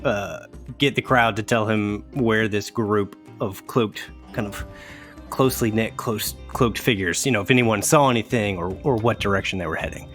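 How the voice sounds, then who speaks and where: A man's voice: on the low side, normal speed, fairly bright tone, faint music behind. A man playing a character in a tabletop game, describing his actions in a loose, hesitant way with laughter. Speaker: player. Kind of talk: tabletop game role-play.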